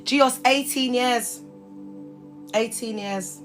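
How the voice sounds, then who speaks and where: A British woman hosting a casual livestream chat, talking in lively slang and laughing often. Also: on the high side, slow, music in the background. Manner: chatty and animated, laughs often, heavy slang. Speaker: livestream host.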